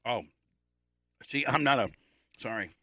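A man's voice: medium pitch, a little slow, sharp tone, no room sound, clean studio sound. A man co-hosting a podcast, laid-back and casual, sometimes mumbling. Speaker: podcast co-host.

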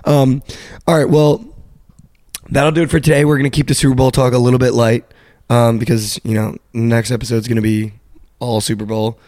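A young man co-hosting a casual sports betting talk, animated as he tells a story and mimics a stranger in a flat voice. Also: medium pitch, brisk, no echo, clean studio sound. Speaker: podcast co-host.

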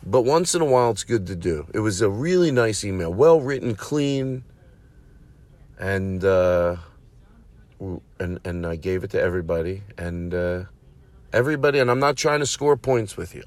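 A man's voice: fairly low pitch, moderate pace, no room sound. A man hosting his own show, rambling through a profane, self-mocking comedic monologue full of asides. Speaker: comedian podcast host.

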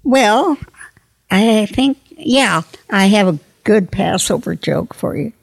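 A woman in her nineties, a grandmother slowly telling old jokes in a folksy, casual way. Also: medium pitch, expressive, no room sound. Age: 90s. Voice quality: creaky. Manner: slow, folksy joke delivery with voiced characters.

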